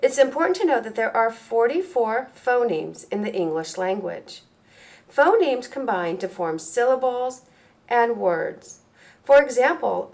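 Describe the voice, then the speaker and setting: A woman presenting a training lesson for teachers, speaking clearly and deliberately and slowing down to model words and sounds. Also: fairly high pitch, a little mellow. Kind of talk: instructional presentation.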